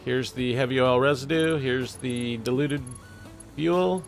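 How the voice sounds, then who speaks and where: A man's voice: medium pitch, unhurried, vocal fry, soft background music. A man streaming a building game, muttering half-sentences to himself and chatting casually with his viewers. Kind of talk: casual live-stream commentary while playing.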